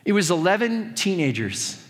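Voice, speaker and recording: A man's voice: sits high, very animated, normal speed, big-room sound. A man preaching a sermon as pastor, conversational and earnest with touches of humor.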